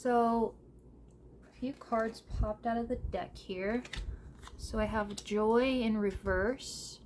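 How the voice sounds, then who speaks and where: A woman doing a tarot reading at home, gentle and emotional, speaking with fillers and pauses, tearful at times. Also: fairly high pitch, fairly even intonation, slight background noise. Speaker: tarot reader. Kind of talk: slow, soft-spoken tarot reading. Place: home room, seated in a squeaky chair.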